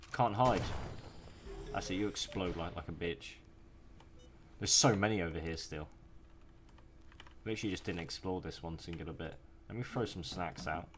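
A young gaming YouTuber gives casual, profane gameplay commentary, taunting the enemies he hunts. His voice is low, and the background is noisy, with music playing behind him.

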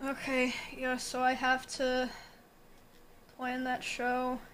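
High-voiced young woman musing slowly. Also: monotone, a bit bright, slight background noise. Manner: muses aloud, laughs often at her own ideas. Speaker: streamer. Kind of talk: casual chat, thinking aloud.

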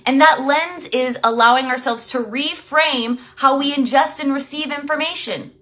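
A woman's voice: sits high, moderate pace, fairly bright tone. A woman life coach talking casually on a live stream, blunt and emphatic, swearing freely and greeting viewers by name.

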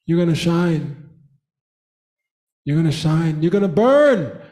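A man's voice: a little high, animated, slow, a little mellow. A man preaching a sermon in church, fervent, repeating phrases and breaking into laughter. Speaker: pastor.

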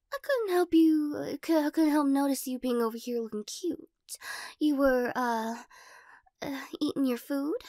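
A woman's voice: high-pitched, a little mellow, no echo, clean studio sound. A woman playing a weird, giggly girl in whispered role-play.

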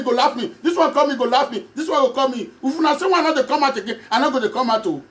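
Edo guy talking pidgin straight to camera, pretty high voice, repeats himself a lot, keeps chuckling. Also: rapid-fire, few pauses, fairly bright tone. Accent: Nigerian Pidgin, Edo. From Edo State, Nigeria. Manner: rambling, repetitive, chuckling often. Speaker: self-styled prophet addressing followers. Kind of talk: direct-to-camera monologue.

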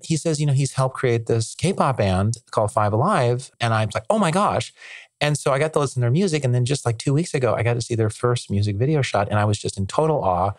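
A man chatting as a podcast guest, excited and rambling, with lots of filler words and restarts. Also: medium pitch, fast, few pauses, no echo. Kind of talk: casual conversational interview.

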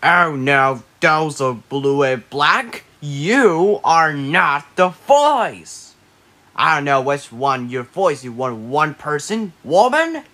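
A bright, lively cartoon fellow who bickers nonstop. His voice swoops up and down and sits a touch high. Soft music plays under the scene. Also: slow, heavily acted. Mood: bickering. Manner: animated, squabbling. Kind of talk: cartoon voice acting.

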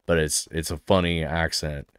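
A man's voice: very deep voice, level tone, normal speed, smooth, no echo. Man, casual reaction host, enthusiastic, laughs a lot, dry close sound. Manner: laughs often, rambling and enthusiastic.

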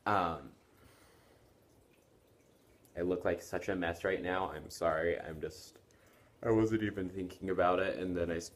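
A man's voice: sits low, fairly even intonation, unhurried, pauses often. A young man in his late teens chatting casually to camera from his bedroom, tired and yawning, rambling apologetically with lots of fillers and restarts. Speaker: vlogger. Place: bedroom at home.

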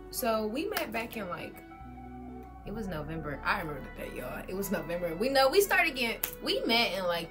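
A young woman vlogger with a rowdy, slang-heavy way of talking, her pitch leaping up and down as she laughs through the story. Music plays clearly behind her voice. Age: young adult. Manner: loud, laughing, slangy, animated. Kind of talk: casual storytime chat.

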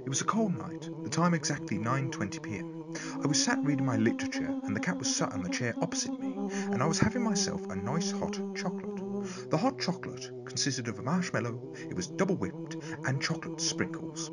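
A man's voice: fairly high pitch, very animated, brisk, a loud crowd. A man putting on a posh, pompous storyteller. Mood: grandiose. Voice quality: posh, overly formal. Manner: dramatic, flowery storytelling. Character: pompous posh young man telling a tale. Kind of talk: comic sketch narration.

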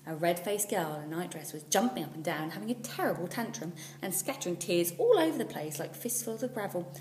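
A woman teacher reading a children's storybook aloud, expressive and at times dropping to a whisper. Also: fairly low pitch, a little fast. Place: school classroom. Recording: echoey room, far from the mic, faint hum.

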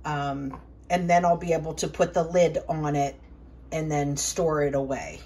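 A woman hosting a home preparedness channel, walking through a hands-on demonstration in a relaxed, chatty way, thinking aloud with fillers and restarts. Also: sits low, unhurried. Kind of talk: casual how-to demonstration.

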